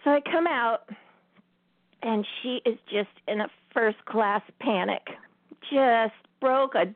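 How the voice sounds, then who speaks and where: Giggly high-voiced woman on a phone line. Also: slow, dry recording. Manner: laughs often while telling a story. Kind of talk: casual storytelling on air. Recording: tinny phone-line sound.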